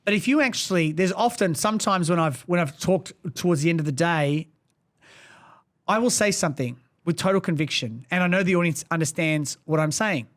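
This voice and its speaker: High-voiced passionate man. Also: brisk, fairly bright tone. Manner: passionate, emphatic speaker. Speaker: podcast co-host. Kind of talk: casual podcast discussion.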